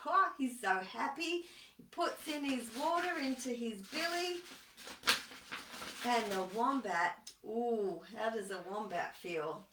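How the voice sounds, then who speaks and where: Storyteller woman, slow and bright, expressive, echoey room. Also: on the high side, recorded from a distance, noisy background. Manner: expressive, asks the listener questions. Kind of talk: children's story reading.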